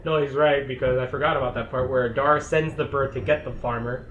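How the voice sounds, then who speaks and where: A man's voice: medium pitch, fairly even intonation, brisk. A man co-hosting a casual movie recap podcast, rambling and swearing as he retells scenes. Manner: rambling, heavy swearing, acts out lines. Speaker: podcast co-host. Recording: echoey room, dull lo-fi sound, faint hiss.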